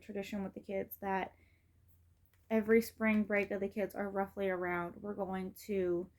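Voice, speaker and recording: A woman's voice: mid-range voice, a little mellow, slight background noise. A middle-aged woman vlogging in a casual, rambling way, with many fillers and restarts. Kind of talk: casual rambling vlog talk.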